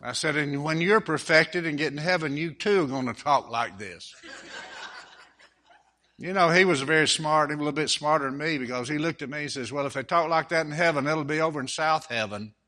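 A man's voice: fairly high pitch, a little fast, pushed and bright. An older man with a Southern accent from Alabama, a guest preacher telling folksy jokes and reading Scripture in a sermon. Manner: folksy humorous storytelling, then reading Scripture with rising force.

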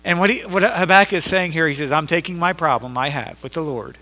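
A man's voice: fairly high pitch, fast, pushed and bright. Preaching man in an echoing church. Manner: preaching, rising to emphatic intensity when reading scripture. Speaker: pastor. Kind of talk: sermon. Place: church sanctuary. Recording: echoey hall reverb.

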